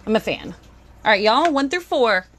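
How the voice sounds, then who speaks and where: A woman's voice: fairly high pitch, sing-song, moderate pace, a bit bright. A young woman, chatting bubbly on a live stream as she unboxes toys and greets viewers.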